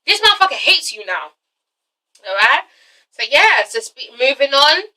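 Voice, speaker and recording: Woman, high bright voice, profane and emphatic, casual episode recap, a bit far from the mic. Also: big pitch swings, moderate pace. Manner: profane, emphatic, re-enacts dialogue. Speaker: TV episode reviewer.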